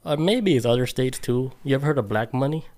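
A man's voice: mid-range voice, lively intonation, quick pace, a little mellow. A man co-hosting a casual podcast, with a voice sitting in an ordinary middle register. He tells stories in loose, slangy talk and laughs easily. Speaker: podcast co-host. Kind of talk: casual chat.

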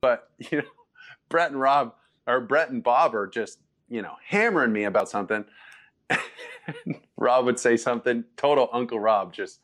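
A man's voice: mid-range voice, moderate pace, long pauses. Man, former quarterback, casual guest chat, laughs often, acts out quotes. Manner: loose and laughing, quotes people in lively voices. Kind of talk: casual storytelling interview.

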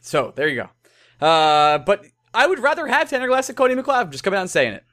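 High energetic guy cohosting a sports podcast, bouncy voice, goofs on names. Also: fast talker. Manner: animated, joking, stumbles over names. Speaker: podcast co-host. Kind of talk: casual chat.

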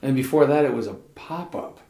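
A man's voice: mid-range voice, expressive, a little fast, vocal fry, mellow. A man in his fifties chatting casually with his wife, telling a long camping story with fillers and laughs. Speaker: podcast co-host, husband. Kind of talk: casual conversation. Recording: echoey room.

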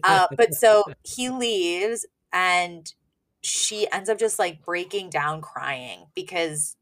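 Woman cohost recapping a sitcom ep, kinda low voice, laughs a lot, does the characters' lines. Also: slow pace, a bit bright. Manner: chatty, laughs often, acts out scenes. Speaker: podcast co-host. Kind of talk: casual recap chat.

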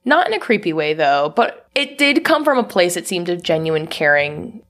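Brief: woman co-host, lowish voice, steady, matter-of-fact plot summary. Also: normal speed. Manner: steady plot narration, laughs along. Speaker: podcast co-host. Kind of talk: casual film recap chat.

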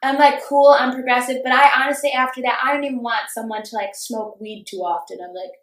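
A woman's voice: on the high side, level tone, fast, a bit bright. A young woman telling a story in casual chat, acting out quotes and swearing freely. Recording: roomy echo.

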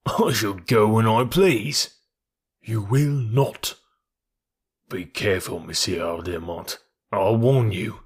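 A man voicing a desperate, enraged blackmailer in an audiobook, slow and defiant in his speech. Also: on the low side, breathy edge. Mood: threatening. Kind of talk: audiobook character reading.

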